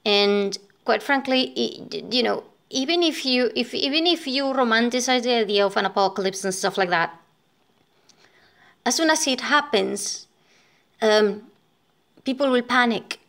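A woman from Venezuela vlogging in a loose, conversational way, thinking aloud as she goes. Her voice sits a little high, and she takes her time, moving at an unhurried pace. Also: fairly bright tone. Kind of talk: casual talk to camera.

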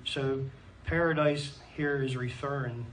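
A man with a Pennsylvania American accent preaches in a church, reading scripture earnestly and dropping in frequent amens. He sits at a middling pitch, picked up by a mic set some way off. Faint room noise hangs under his voice. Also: fairly even intonation, a little slow, fairly bright tone, far from the mic, low-quality recording. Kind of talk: sermon. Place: church hall.

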